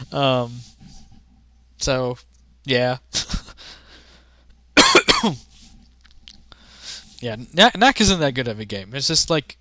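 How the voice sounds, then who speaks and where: A man giving casual, rambling commentary on games he has played, halting with many restarts and fillers and offering frank, offhand opinions. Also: on the high side, pushed and bright, dry recording. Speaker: gaming content creator.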